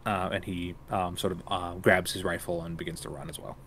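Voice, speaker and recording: A man narrating a tabletop game as game master, halting often with ums and restarts. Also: low voice, little pitch movement, fairly bright tone, slight background noise.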